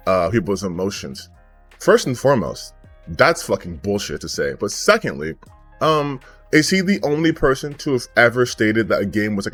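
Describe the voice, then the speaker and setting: A man's voice: medium pitch, fairly bright tone. A man giving a heated, profane commentary rant, angry and sarcastic. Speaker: gaming commentary YouTuber.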